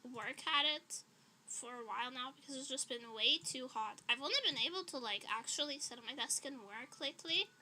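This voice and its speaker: A woman's voice: high-pitched, brisk, sharp tone, slight background noise. A woman streamer in casual livestream chat, rambling and chatty with frequent laughs, slightly out of breath.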